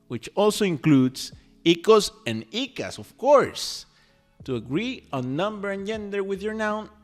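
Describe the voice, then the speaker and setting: Animated man teaching, lively pitch. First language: Spanish. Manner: animated, playful, chatty with frequent "okay?" check-ins. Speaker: Spanish teacher. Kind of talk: lively scripted language lesson.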